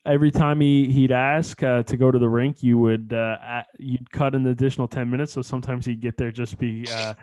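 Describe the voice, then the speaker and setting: A man's voice: medium pitch, steady tone, brisk, few pauses, darkish tone, no echo. A man from Newfoundland hosting a podcast interview, chatty and hesitant with many fillers. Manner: friendly, filler-heavy, hesitant. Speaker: podcast host. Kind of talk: casual interview.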